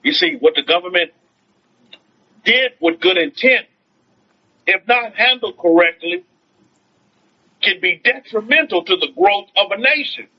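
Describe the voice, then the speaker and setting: A high-pitched man preaches as a rabbi in an informal online teaching, repeating his phrases and asking rhetorical questions. He reads out comments from viewers as he goes. The sound is dull and lo-fi, like a livestream. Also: animated, unhurried, long pauses. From United States. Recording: dull lo-fi stream audio.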